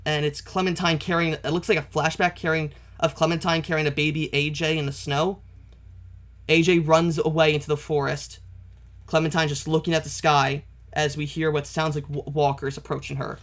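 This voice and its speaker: A man's voice: a little high, little pitch movement, moderate pace, a bit bright. A man reading a comic aloud panel by panel and reacting, often stopping to correct himself and voicing his dismay. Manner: openly dismayed commentary. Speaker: comic reaction video host.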